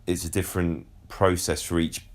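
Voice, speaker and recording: A man's voice: deep voice, little pitch movement, normal speed. A young man hosting a casual podcast, chatty and explaining at length, often repeating words as he starts a sentence. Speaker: podcast host.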